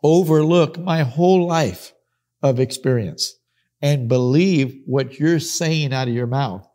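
Middle-aged male Bible teacher, mellow low-bright timbre, emphatic sermon delivery with repeated lines. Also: slow pace. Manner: emphatic, repeats key phrases, acts out quoted speakers.

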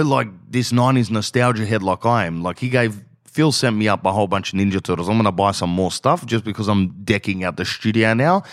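A man in his thirties with an Australian accent, hosting a podcast in a slangy, animated way and reading an ad. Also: fairly low pitch, no room sound, clean studio sound. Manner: slangy, animated, calls listeners bro. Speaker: podcast host. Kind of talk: casual storytelling and ad read.

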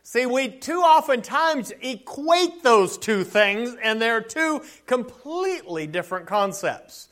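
A man's voice: very high-pitched, very animated, slow, few pauses, a bit bright. A middle-aged male pastor giving a conversational sermon in church, with chuckles and asides.

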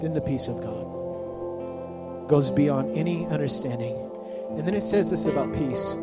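A man preaching a sermon as a pastor, animated, acting out the voices of people he quotes. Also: fairly high pitch, normal speed, pauses often, over loud music.

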